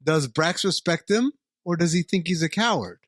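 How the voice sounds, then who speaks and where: Give me a profane male comedy podcaster, animated and slightly high. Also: normal speed, dry recording, studio quality. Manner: loud, profane riffing. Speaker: podcast co-host. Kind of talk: casual comedic chat.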